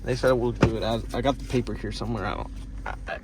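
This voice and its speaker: A man's voice: on the low side, fast talker, gravelly, noisy background. A young man vlogging casually from behind the wheel, joking and rambling in slangy, profane chat. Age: young adult. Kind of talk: casual POV driving vlog chat. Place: inside a car while driving.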